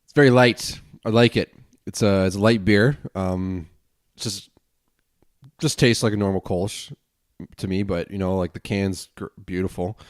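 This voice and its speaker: A man's voice: deep voice, fairly even intonation, normal speed, dry recording, studio quality. A man hosting a casual solo podcast at home, rambling and chatty as he reviews a beer, with casual swearing. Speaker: podcast host. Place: home, at a desk.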